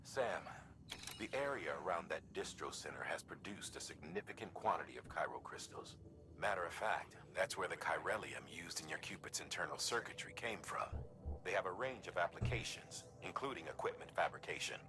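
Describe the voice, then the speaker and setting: An actor playing a male mission director in a video game, giving measured, authoritative briefings. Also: low-pitched, expressive. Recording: game audio with music underneath.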